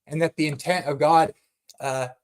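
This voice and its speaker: A man teaching about the Bible in a fervent, excited way, often repeating words as he goes. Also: on the high side, moderate pace. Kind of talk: passionate teaching talk.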